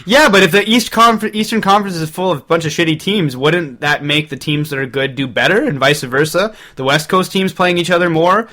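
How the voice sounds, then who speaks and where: A man's voice: on the high side, brisk, hardly any pauses, bright, forceful tone. A young man co-hosting a casual hockey podcast, jokey and giggly, often slipping into silly voices. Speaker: podcast co-host.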